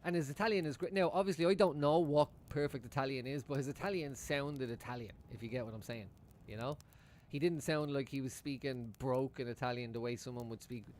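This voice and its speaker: A man's voice: medium pitch, a little fast, a little mellow, slight background noise. A man streaming live as a football fan, chatting casually, rambling, swearing freely and chuckling often.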